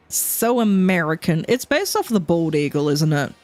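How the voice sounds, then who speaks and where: A woman's voice: fairly low pitch, expressive, unhurried, few pauses, dark tone, no echo, faint music behind. A woman, chatting casually on a gaming stream and rambling, swearing and laughing often.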